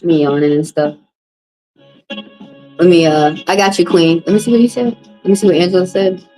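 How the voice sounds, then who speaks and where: A woman's voice: medium pitch, low-quality recording. A woman reading tarot live for viewers, talking bluntly and profanely, teasing callers and laughing often. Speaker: tarot reader on a live stream. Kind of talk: casual live-stream chat.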